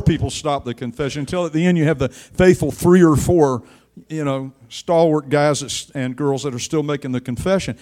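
An older man preaching a sermon, telling a personal story with dramatic swings between quiet and loud. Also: fairly high pitch, brisk.

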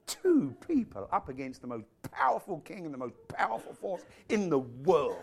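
Animated high-pitched male preacher. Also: normal speed, gravelly, slightly rough. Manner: animated, acts out voices, big swings from loud to hushed. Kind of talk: sermon.

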